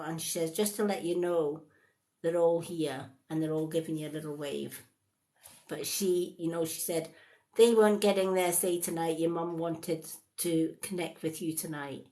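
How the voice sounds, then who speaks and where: A woman giving a live psychic card reading in a chatty, rambling way, full of animated asides. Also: low-pitched.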